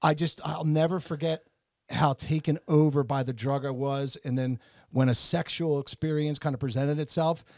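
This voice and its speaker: A man's voice: on the high side, no room sound. Rambling man telling a story, dry sound. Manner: rambling, self-interrupting, many restarts and "like"s. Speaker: podcast co-host. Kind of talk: casual storytelling chat.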